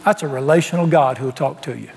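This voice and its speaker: A man's voice: fairly high pitch, quick pace, vocal fry, a little mellow, in a large hall. A man preaching a sermon, telling his story in a folksy way and acting out the dialogue.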